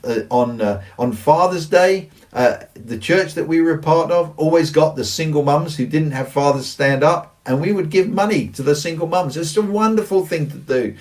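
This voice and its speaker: A man's voice: fairly high pitch, darkish tone, distant mic. A man giving a recorded teaching presentation on church and organizational culture, earnest and emphatic, repeating his key phrases. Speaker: church leadership speaker.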